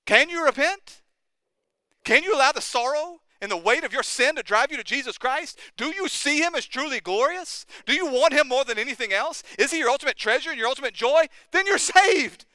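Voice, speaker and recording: High-voiced, bright impassioned preacher man. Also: lively intonation, fairly quick, no echo. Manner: impassioned preaching, rising urgent questions. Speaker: pastor. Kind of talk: sermon.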